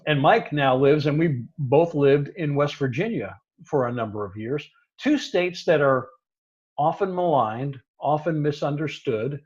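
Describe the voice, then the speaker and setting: An older man from New Jersey hosting a casual talk show, speaking in a measured way and setting facts straight. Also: fairly high pitch, lively intonation, darkish tone, muffled recording. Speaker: podcast host. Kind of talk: casual chat.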